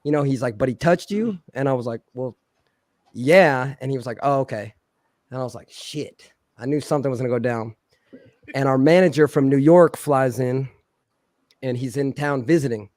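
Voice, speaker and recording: A man with a mid-range voice speaks at normal speed in a dry, studio-quality recording. Hailing from Philadelphia, he tells a long, profane story on a casual podcast, animated and loud as he acts out the voices of those he quotes.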